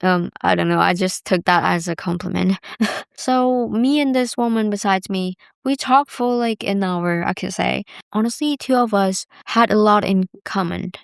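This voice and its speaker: A woman's voice: mid-range voice, normal speed, gravelly, clean tone, no room sound, clean studio sound. A woman, telling stories in a chatty, rambling way full of "like". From Bali, Indonesia. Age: 20s. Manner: chatty, rambling, heavy use of "like". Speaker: vlogger. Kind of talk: casual storytelling.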